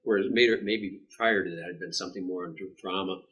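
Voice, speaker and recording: A man with a very low voice talks in a documentary interview as a comedian. He speaks reflectively and restarts his words. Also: steady tone, a little fast, a bit bright, dull audio.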